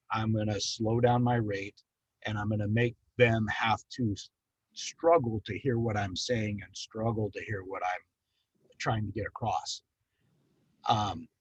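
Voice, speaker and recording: A middle-aged man training hospice staff, talking calmly and steadily, with frequent ums. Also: medium pitch, no echo, muffled recording. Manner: calm, measured, with frequent ums.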